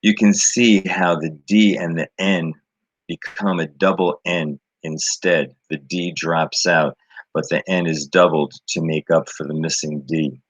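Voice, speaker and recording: A middle-aged man giving an informal talk comparing languages, explaining slowly with fillers and repeated words. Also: sits low, steady tone, no room sound, highs cut off. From grew up with Sicilian. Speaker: presenter.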